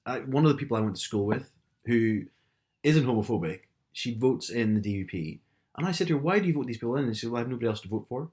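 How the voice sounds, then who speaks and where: A man's voice: medium pitch, animated, fast talker, a little mellow. A young man with a Northern Irish accent, co-hosting a casual podcast chat and explaining at length with many restarts. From Northern Ireland. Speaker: podcast co-host.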